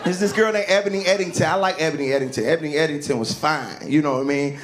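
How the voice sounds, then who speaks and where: A male stand-up comedian telling a story on stage, animated and laughing through his lines, into a handheld mic before a live audience. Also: fairly high pitch, fast. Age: adult, grown since school. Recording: live club with crowd and noise.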